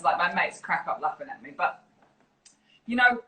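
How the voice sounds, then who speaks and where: A woman chatting on a live video call, animated and quick to laugh. Her voice sits mid-range, and the room around her gives it a roomy echo. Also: medium pitch, a little hiss or hum. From New Zealand. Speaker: fitness program director. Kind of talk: casual live chat.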